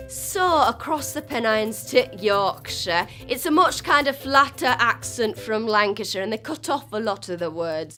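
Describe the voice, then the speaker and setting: Brit host lady w posh RP accent, chatty n playful, kinda high voice, soft music under. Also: animated. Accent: Received Pronunciation. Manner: chatty, playful, quick switches into character voices. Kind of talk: presenting and demonstrating accents.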